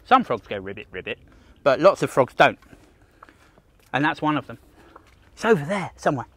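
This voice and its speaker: An Australian man runs an outdoor nature walk livestream for kids, full of enthusiasm as he talks right to the viewer, jokes, and gasps at discoveries. His fairly high, sing-song voice is a bit bright, at normal speed, with no room sound.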